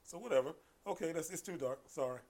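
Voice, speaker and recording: A man, a martial arts coach, telling stories in a casual podcast chat, animated and quick to laugh, often restarting his sentences. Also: fairly high pitch. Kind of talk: casual conversational storytelling.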